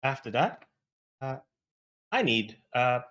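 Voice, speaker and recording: A man's voice: mid-range voice, sing-song, takes it slowly, fairly bright tone. A man talking through a duet tabletop game. He hesitates often, with plenty of fillers, and keeps a playful tone. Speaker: player.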